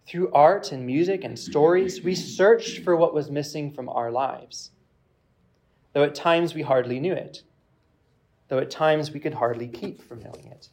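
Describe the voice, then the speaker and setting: A man preaching, reading a reflective passage aloud in a measured way with pauses. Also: a little high, darkish tone. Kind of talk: sermon with read-aloud passage.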